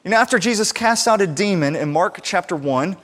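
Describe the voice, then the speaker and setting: High-voiced man preaching in a hall. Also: fairly quick. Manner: animated, voices quoted people expressively. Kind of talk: sermon. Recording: reverberant hall sound.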